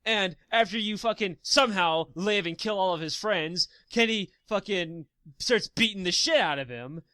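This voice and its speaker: A man's voice: high-pitched, moderate pace, pushed and bright, clean tone, no room sound. A man co-hosting a casual gaming podcast, ranting profanely as he retells a story. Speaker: podcast co-host.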